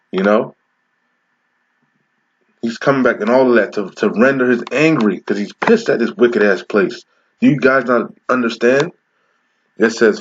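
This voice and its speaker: Man, low voice, confrontational profane preacher, slow verse reading, dull lo-fi recording. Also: breathy edge. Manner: confrontational, profane, repeats "okay?"; slows down to read verses aloud. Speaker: street preacher. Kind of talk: scripture reading with commentary.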